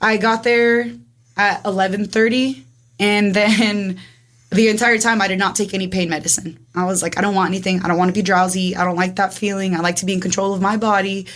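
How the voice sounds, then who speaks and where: Chatty young woman telling her story. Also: medium pitch. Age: 20s. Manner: rapid, animated, acts out dialogue with frequent "like". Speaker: guest. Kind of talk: casual storytelling.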